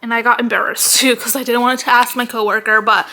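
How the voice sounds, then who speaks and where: A young adult woman venting in a casual vlog, animated and sweary, peppering her talk with "like", a little out of breath. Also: on the high side, fast talker. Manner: animated, heavy use of "like", swearing. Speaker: vlogger.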